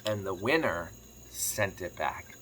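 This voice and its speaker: A man chatting casually to camera as a farm vlogger, telling a rambling story quickly while sitting on his kitchen floor. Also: sits low, animated, noisy background. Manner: rambling, fast-talking storyteller.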